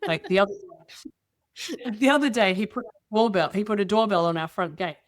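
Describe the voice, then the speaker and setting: A middle-aged woman guest telling personal stories in casual conversation, lively and acting out dialogue with quoted voices. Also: mid-range voice, moderate pace, dry recording, studio quality. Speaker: interview guest.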